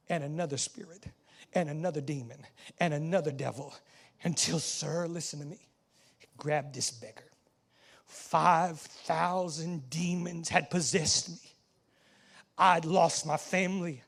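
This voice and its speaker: High-voiced Southern preacher acting out a story. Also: male voice, unhurried, vocal fry, pauses often. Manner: theatrical storytelling, swinging between hushed and shouting. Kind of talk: dramatic first-person sermon monologue. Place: church sanctuary.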